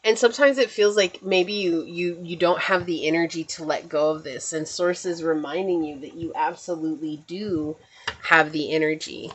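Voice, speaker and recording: A woman's voice: sits low, steady tone, normal speed. A woman giving a casual spiritual tarot reading, chatty and meandering, reassuring her listeners and often checking in with "right?". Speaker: tarot reader.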